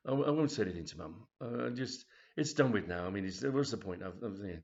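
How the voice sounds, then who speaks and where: Man playing young lad, polite, sick to his stomach, muttering low; dull lo-fi take. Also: lively intonation, fairly quick. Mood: queasy, puzzled. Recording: dull lo-fi recording.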